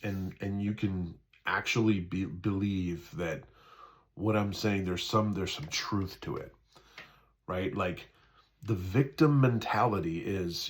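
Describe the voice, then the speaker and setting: A man's voice: low voice, unhurried. A man in a casual spiritual talk, speaking conversationally, repeating himself, often asking "right?" and acting out the voices in people's heads. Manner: acts out quoted inner voices.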